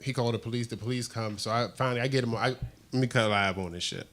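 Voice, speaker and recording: A man co-hosting a podcast, telling a story in an animated, profane way with streetwise slang, often asking "you know what I'm saying?". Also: medium pitch, fast talker. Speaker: podcast co-host. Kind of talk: casual storytelling.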